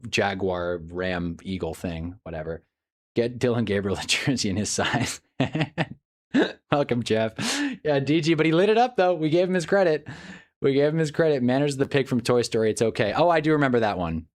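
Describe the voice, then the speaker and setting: A man's voice: mid-range voice, normal speed, a little mellow. Rambling male streamer chatting casually. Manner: rambling, reactive, laughs often; talks to chat while browsing online. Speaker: live streamer. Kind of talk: casual live-stream chat.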